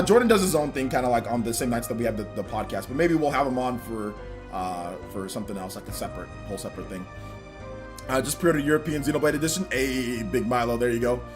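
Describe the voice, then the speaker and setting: A man hosting a casual gaming livestream, chatting loosely and reading viewer donations. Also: a little high. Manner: relaxed, chatty, many fillers. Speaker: livestream host.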